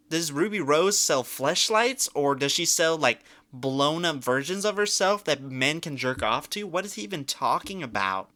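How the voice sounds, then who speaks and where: A man's voice: a little high, expressive, normal speed, hardly any pauses, bright, forceful tone. A young man doing reaction commentary, incredulous and mocking, swearing often as he talks. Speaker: commentary YouTuber.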